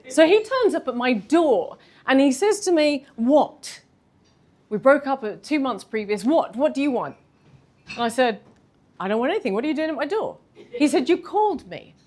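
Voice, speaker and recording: A woman, telling a candid personal story in a talk, animated and self-deprecating. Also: high-pitched. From London. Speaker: speaker giving a talk.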